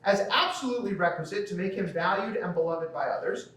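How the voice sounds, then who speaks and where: A teacher from the Midwest, talking fast in a high-pitched, somewhat bright voice, gives a conversational lecture at a school banquet and keeps asking the audience "okay?" The large hall sounds echoey, and the recording was made from far off.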